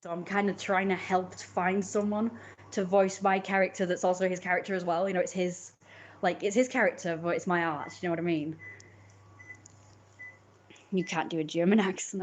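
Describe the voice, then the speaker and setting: A woman's voice: fairly low pitch, fairly even intonation, brisk, slight background noise. A woman, chatting casually with her viewers in a rambling way, full of fillers and restarts. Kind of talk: casual chat.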